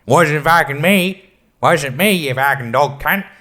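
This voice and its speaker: A man's voice: on the high side, unhurried, sharp tone, pitched above the performer's own voice. A man voicing a swaggering, foul-mouthed male crook who crudely denies everything. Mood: denying. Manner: crude, dismissive.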